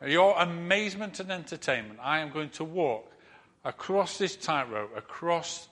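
A boastful circus tightrope showman proclaims to his crowd in a grand announcer's manner, as a male preacher puts him on. The voice sits high for a man and rings bright and forceful. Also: lively intonation, moderate pace. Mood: showy.

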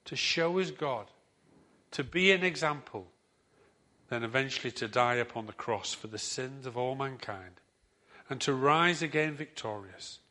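A man preaching a sermon as pastor, telling stories with emphatic rises and soft, trailing endings. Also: medium pitch.

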